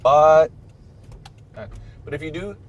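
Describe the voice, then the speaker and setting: A man with a Midwestern American accent, a priest hosting a casual chat during a car ride and telling stories with lively quotes. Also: on the high side, slow, dull audio, slight background noise. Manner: chatty, storytelling with mimicked quotes. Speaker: priest and podcast host.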